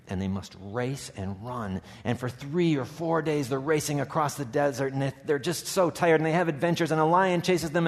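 A man preaching a sermon, praying softly and reading a story aloud, rising to urgent, emphatic peaks. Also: mid-range voice. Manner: soft hushed prayer voice. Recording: long hall reverb.

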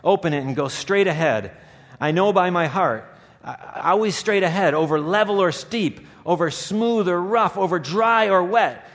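A man's voice: sits high, moderate pace, a bit bright, voice pushed up. Man reading as a stern old hermit. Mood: commanding. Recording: long hall reverb.

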